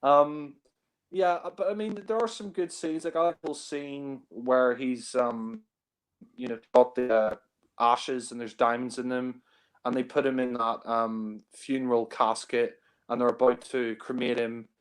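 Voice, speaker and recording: A man of average pitch talks loosely about movies over a group call. He rambles, fills gaps with ums and you-knows, and chuckles often at his own points. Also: steady tone, measured pace, smooth. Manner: rambling, heavy on fillers, laughs often. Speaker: film reviewer. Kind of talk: casual film discussion.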